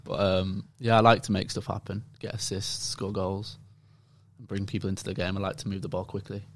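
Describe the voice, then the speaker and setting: A young man with an English accent, a footballer guest chatting casually on a podcast, relaxed and laughing easily. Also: low-pitched, fairly quick. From England. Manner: relaxed, repeats words while thinking, laughs easily.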